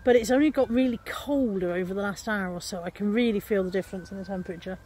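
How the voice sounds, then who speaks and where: A woman's voice: medium pitch, quick pace, a little mellow, a little hiss or hum. A middle-aged woman, chatting casually to a handheld phone camera in her vlog diary, self-deprecating and talking to her dog. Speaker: vlogger.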